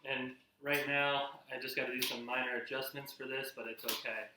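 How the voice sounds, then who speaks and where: A man's voice: medium pitch, level tone, fairly quick, recorded from a distance, noisy background. Rambling man in an echoey kitchen. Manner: rambling, filler-heavy, restarts often. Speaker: host. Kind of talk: casual cooking vlog with sports talk. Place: home kitchen. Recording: echoey room, a bit off-mic.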